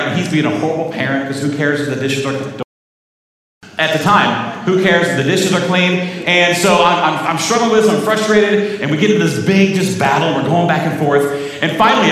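A middle-aged man preaching a sermon, telling stories and chatting asides to the congregation. His voice sits a bit high for a man. It carries through a big echoey church hall, picked up from some distance. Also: a bit bright. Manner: conversational, storytelling with asides to the congregation. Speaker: pastor.

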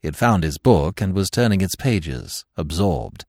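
A man reading a classic novel aloud as the narrator in an expressive storytelling manner. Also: deep voice, a little slow, dry recording, studio quality. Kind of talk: scripted audiobook narration.

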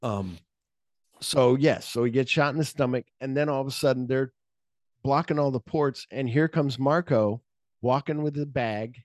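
Guy on a podcast recapping a movie, mid pitch, super dry close sound, jumps into character lines. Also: normal speed, no echo. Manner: animated retelling, acts out lines, swears freely. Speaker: podcast co-host. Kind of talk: casual movie chat.

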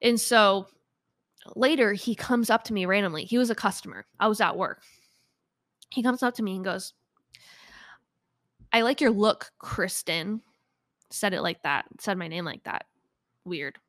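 Young woman podcast host, mid-pitched, chatty and casual, laughs a lot, dry close sound. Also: normal speed, a bit bright, no room sound. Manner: chatty, laughs often, lots of "like". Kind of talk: casual solo podcast storytelling.

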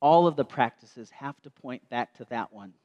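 Preacher, male, mid-pitched, reflective storyteller, slows down on key lines. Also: dull audio. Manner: storytelling, slows and softens for quoted words. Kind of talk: sermon. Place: church.

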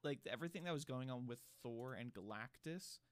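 Rambling through stories full of fillers, this podcast co-host keeps the chat casual. He speaks fairly quickly in an expressive, smooth, mid-range voice, with no echo.

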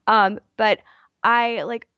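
A woman guest on a podcast, chatting casually and telling stories in a quick, self-deprecating way. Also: fairly high pitch, level tone, clear, resonant tone, no room sound, muffled recording. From Baltimore area. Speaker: podcast guest, writer and YouTuber. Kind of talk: casual interview chat.

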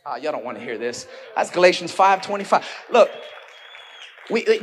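A male pastor preaching a sermon. He swings from hushed storytelling to shouted preaching and puts rhetorical questions straight to the congregation. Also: sits high, lively intonation, moderate pace, a faint crowd, a little hiss or hum.

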